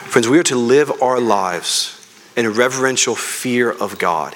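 A man's voice: mid-range voice, measured pace, fairly bright tone, a little hiss or hum. A man preaching a sermon as pastor, earnest and speaking directly to his congregation.

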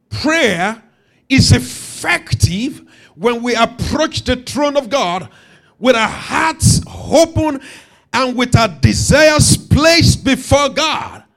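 A man preaching a sermon emphatically, repeating key phrases and rising to shouts. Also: very high voice.

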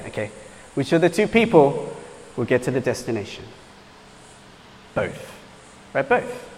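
A man gives a sermon in a relaxed, conversational way, repeatedly asking his listeners "right?" His voice sits a little high for a man. The sound carries a long reverb, as in a large hall. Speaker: pastor.

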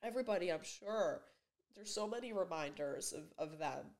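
Young woman in an emotional, halting vlog. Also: fairly low pitch, animated, gravelly, darkish tone. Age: 20s. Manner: emotional, halting, full of fillers. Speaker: vlogger. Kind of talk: personal confessional vlog. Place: her bedroom. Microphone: camera mic.

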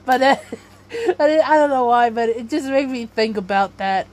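A woman's voice: high-pitched, moderate pace, darkish tone. A woman hosting a podcast, rambling in casual commentary, often stopping herself mid-sentence and laughing. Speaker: podcast host.

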